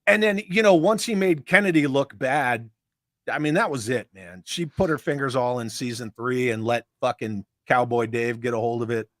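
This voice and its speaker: A man's voice: medium pitch, moderate pace, a bit bright, no echo, clean studio sound. Laid-back, profane man chatting on a livestream. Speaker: co-host reading chat comments. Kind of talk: casual livestream chat.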